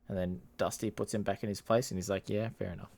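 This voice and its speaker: A man's voice: low-pitched, fairly even intonation, fast talker, a little mellow. A man co-hosting a podcast, recapping a film in loose casual talk full of fillers. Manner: rambling, lots of fillers and laughs. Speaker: podcast co-host. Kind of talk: casual movie review chat.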